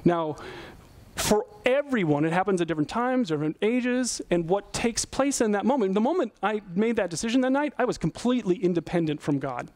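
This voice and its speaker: A man's voice: sits high, lively intonation, fairly quick, a little mellow, dry recording. A middle-aged male pastor giving an earnest, conversational sermon full of rhetorical questions.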